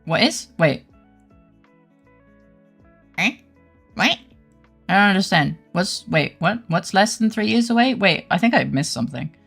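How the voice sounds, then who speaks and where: A woman's voice: medium pitch, lively intonation, unhurried, gravelly, long pauses, fairly bright tone, husky, faint music behind. A young adult woman streaming a game, chatting casually with her live chat; playful and giggly, and she swears freely.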